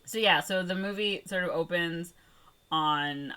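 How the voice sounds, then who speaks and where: A woman's voice: lowish voice, unhurried, sharp tone, clean tone. A young woman co-hosting a podcast, casually retelling a movie plot with lots of fillers and playful quoted voices. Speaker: podcast co-host. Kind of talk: casual movie recap chat.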